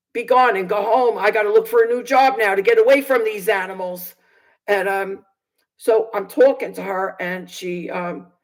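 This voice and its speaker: The audio is poor as a woman with a mid-range voice, a video preacher, gives a personal testimony about her own life. She speaks earnestly and indignantly, stumbling through fillers and frequent restarts.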